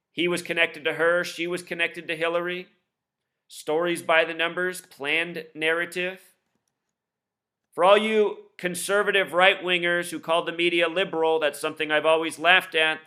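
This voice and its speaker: A man explaining his theories in a solo video, rattling off numbers quickly and insistently, with scornful asides. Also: on the high side, sharp tone. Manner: rapid-fire, insistent, admits talking too fast; lists numbers and codes in rapid bursts. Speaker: video commentator.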